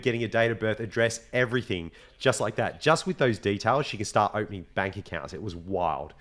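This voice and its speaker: A young man chatting on a podcast, quick to slip into the voices of the people in his stories. He talks casually and swears without a second thought. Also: on the low side. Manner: animated storyteller, swears casually, acts out quoted voices. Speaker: podcast co-host. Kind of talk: casual chat.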